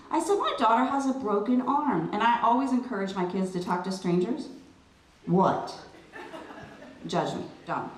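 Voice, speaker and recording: A middle-aged woman speaking at an event, telling a personal story in an animated, chatty way with lots of fillers. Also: on the high side, normal speed. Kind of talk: storytelling speech to a crowd. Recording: roomy, distant PA sound with light noise.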